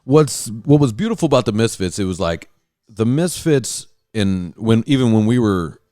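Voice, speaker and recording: Low-voiced man telling rowdy stories. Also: normal speed, no room sound, studio quality. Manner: animated storytelling, swears freely. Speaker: podcast host. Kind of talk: casual chat.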